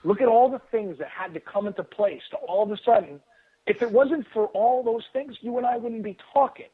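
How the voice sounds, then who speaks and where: A high-pitched man talks fast and loose, piling up fillers and restarts. His voice comes through husky and thin over a tinny phone line. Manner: excitable, rambling, frequent restarts and fillers. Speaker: guest author. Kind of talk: casual storytelling on a call-in radio show.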